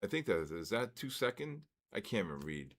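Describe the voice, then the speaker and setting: A man hosting a trading live stream, calling out giveaway winners in a drawn-out, repetitive way. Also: fairly low pitch, big pitch swings, a bit bright.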